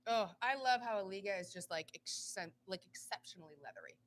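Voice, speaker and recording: A woman joining a casual cigar livestream, chatty with quick asides. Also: medium pitch, expressive, fairly bright tone, slight background noise. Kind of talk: casual chat.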